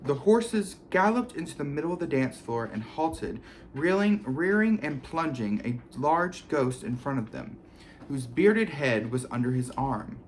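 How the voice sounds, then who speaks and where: A man reading a children's fantasy novel aloud, expressive and storytelling. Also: fairly high pitch, measured pace, slight background noise. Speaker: reader. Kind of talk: audiobook reading.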